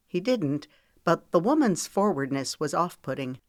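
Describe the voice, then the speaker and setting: Deep-voiced and measured, a woman narrates an audiobook with even, controlled storytelling. The sound is dry and clean, recorded in a studio.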